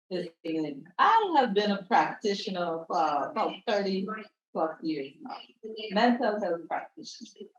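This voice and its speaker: A middle-aged woman from Guyana, a mental health practitioner speaking in a panel discussion and telling stories with quoted voices. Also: medium pitch. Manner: animated storytelling, acting out quoted voices. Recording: roomy, dull lo-fi sound.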